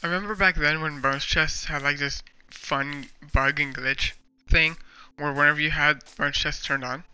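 A man with a rather high, very bright and crisp voice, chatting through a game stream on a headset mic. He rambles along and talks to himself, with faint music playing behind him. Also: fairly even intonation, moderate pace, rough recording. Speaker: gaming streamer. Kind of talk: casual gameplay commentary.

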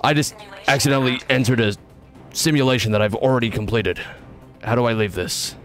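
Young guy streaming a game, hyped jokey banter, middle pitch voice, faint music behind. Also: a little fast. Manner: excitable, jokey, self-mocking banter. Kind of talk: live gameplay commentary.

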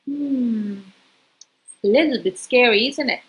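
Female storyteller, higher than average voice, lively sing-song delivery, reads a picture book to a small child unhurriedly. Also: slow, low-quality recording.

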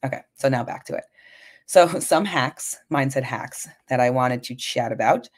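With a rumbling low voice at normal speed, a woman lifestyle coach hosts her own podcast. She is chatty and frank, swearing and repeatedly asking "right?".

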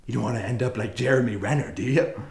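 A man's voice: mid-range voice, fast talker, gravelly, a little mellow, natural voice. A man playing a melodramatic young actor in a comedy sketch who swings from muttering to manic screaming. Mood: scheming. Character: melodramatic young male actor, fame-hungry, shouting. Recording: echoey room.

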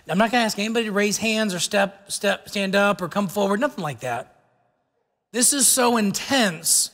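A man preaching a sermon as pastor, earnest and slowing down to stress key words. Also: sits high, fairly bright tone. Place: church sanctuary. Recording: long reverb of a church hall.

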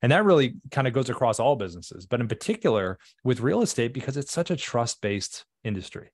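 A man co-hosting a webinar, explaining marketing in a measured, conversational way with frequent fillers. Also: medium pitch, big pitch swings, dry recording, clean studio sound. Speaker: webinar co-host.

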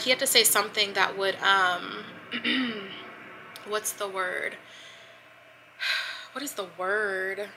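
A woman's voice: medium pitch, pushed and bright, a little hiss or hum, low-quality recording. A woman vlogger telling a personal story to her viewers in casual chat, with lots of fillers. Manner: chatty, addresses viewers as y'all, many fillers. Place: at home getting ready.

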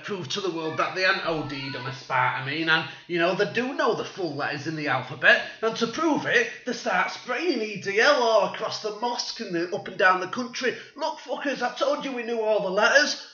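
Man, sarcastic swearing rant, high bright voice, echoey room. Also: animated, a little fast, few pauses. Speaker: vlogger. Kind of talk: satirical rant monologue. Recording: echoey room, dull lo-fi sound.

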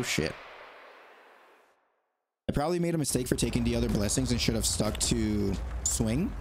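A man playing a video game and commenting as he goes, excitable and talking to the game, with sudden high yelps when he panics. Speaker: gaming YouTuber. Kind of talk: let's play commentary.

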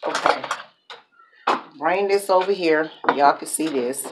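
A woman's voice: low-pitched, takes it slowly, heavy background noise. A woman chatting casually to the camera as she grills a burger, talking herself through each step and laughing at her own slips. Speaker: mukbang cooking vlogger. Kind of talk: casual cooking chat to camera. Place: home kitchen with grill.

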